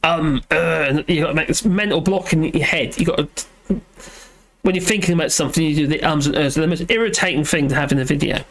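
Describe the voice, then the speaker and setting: Man, fairly high voice, casual livestream host, rambling, self-deprecating, filler-heavy. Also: fast talker, a bit bright. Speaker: livestream host reading chat. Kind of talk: casual live chat. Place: at home.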